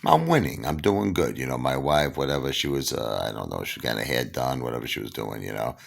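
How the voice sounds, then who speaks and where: Gravelly, deep New storyteller. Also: male voice, a little fast. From Brooklyn, New York. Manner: animated, acts out the dialogue himself. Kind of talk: casual anecdote told to camera.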